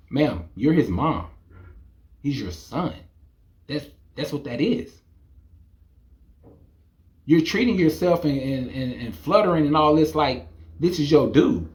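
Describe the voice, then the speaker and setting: Young man for a casual vlog rant, animated and incredulous, voice leaping upward in disbelief. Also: fairly high pitch, a little slow, pauses often. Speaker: vlogger. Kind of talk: casual monologue to camera.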